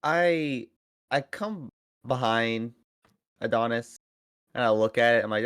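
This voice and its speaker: A loud, blunt player joking through a tabletop game. The voice is dry and close to the mic, at a middle pitch. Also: takes it slowly, pauses often, smooth, dry recording. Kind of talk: casual tabletop role-play.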